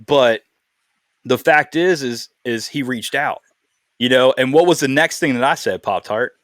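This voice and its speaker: A man's voice: medium pitch, a little slow, a bit bright, no echo, clean studio sound. A man hosting a podcast, talking in a casual, earnest way and telling a heartfelt story. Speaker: podcast host.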